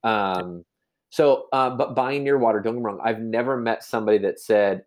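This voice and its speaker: A man's voice: on the low side, moderate pace, a little mellow. A man explaining real estate in a casual podcast chat, rambling with many restarts and fillers. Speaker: real estate agent guest.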